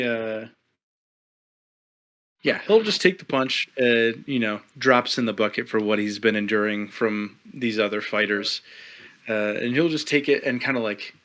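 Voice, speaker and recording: Laid-back male game master, bright voice. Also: mid-range voice. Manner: easygoing, laughs often, filler-heavy. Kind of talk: narrating a tabletop game.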